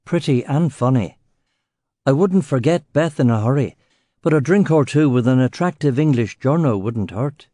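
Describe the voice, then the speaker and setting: A man's voice: mid-range voice, moderate pace, dark tone, no echo. A man narrating a crime audiobook in the first person, with a dry, sardonic manner on a close studio mic.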